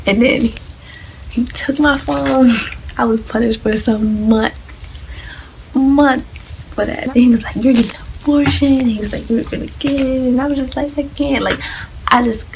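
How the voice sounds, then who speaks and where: A teenage girl telling her own story in a vlog, soft-spoken and emotional, often dropping to a near-whisper. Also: high voice, gravelly, background noise. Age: teens. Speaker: vlogger.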